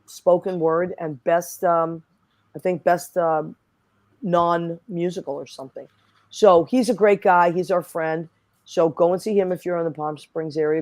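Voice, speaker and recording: A woman's voice: lowish voice, a little mellow, no room sound. A woman hosting a podcast over a video call, effusive and chatty. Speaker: podcast host. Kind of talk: casual chat.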